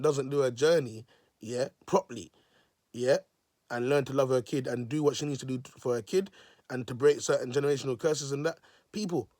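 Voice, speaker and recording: A man's voice: medium pitch, darkish tone, no echo, studio quality. A man, a self-styled prophet preaching in a vlog, repeating himself and calling his listeners "people". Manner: repetitive, emotional, restarts phrases.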